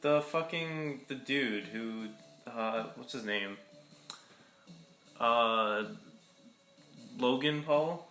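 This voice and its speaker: A man's voice: mid-range voice, drawn-out words, long pauses, pushed and bright, soft background music. A young man co-hosting a podcast in casual chat, laid-back and swearing often. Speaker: podcast co-host. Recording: echoey room with faint background noise.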